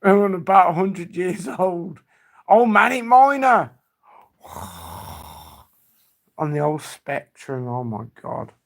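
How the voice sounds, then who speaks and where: A man's voice: a little high, lively intonation, takes it slowly, pauses often. A man hosting a livestream, reminiscing in a rambling, nostalgic chat that trails off. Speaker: livestream host.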